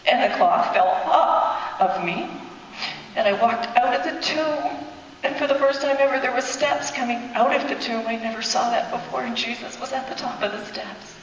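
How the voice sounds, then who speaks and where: A woman's voice: on the high side, moderate pace, slight background noise. A woman telling a personal testimony in church, in emotional, breathless storytelling. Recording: echoey hall, speaker far from mic.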